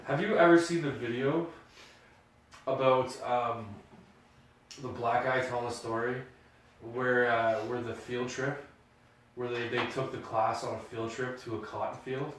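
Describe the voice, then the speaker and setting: A man chatting casually on a podcast, an animated storyteller who throws himself into each quote. He sounds set back from the mic. The room around him is very echoey. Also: mid-range voice, measured pace, pauses often, slight background noise. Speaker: podcast co-host. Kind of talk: casual chat. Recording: roomy echo, mic at a distance.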